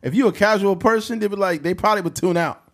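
A man co-hosting a casual podcast, telling stories in an animated way and jumping into loud mimicked voices. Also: sits high, quick pace. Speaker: podcast co-host.

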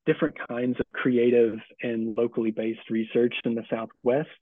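A middle-aged man answering interview questions as a book's author, casual and halting, with many restarts and fillers. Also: medium pitch, fairly even intonation, no room sound. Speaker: author and guest. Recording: tinny phone-like call audio.

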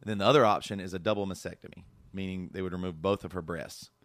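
Earnest low-voiced man, dry studio sound. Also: fairly even intonation, fast talker, no echo. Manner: earnest, emotional storytelling with many restarts. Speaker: podcast host. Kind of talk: casual podcast chat.

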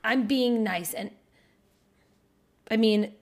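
A woman in her thirties co-hosting a casual podcast, telling a story loudly and animatedly, swearing often. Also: on the high side, takes it slowly, a loud crowd. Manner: loud, profane, animated storytelling. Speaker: podcast co-host. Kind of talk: casual couple podcast chat.

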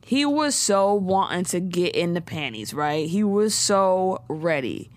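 A woman, co-hosting a casual chat and telling the story in a slangy, animated way with frequent laughs. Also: on the low side, measured pace, dry recording. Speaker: podcast co-host recapping a TV show.

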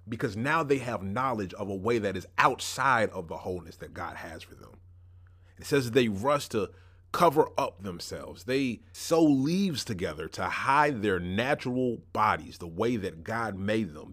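A man with a somewhat low voice delivers a sermon in a conversational tone. He mixes casual slang into his teaching, slowing down to stress key ideas and speeding through asides. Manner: uneven pace, slowing for emphasis and rushing asides. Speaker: pastor.

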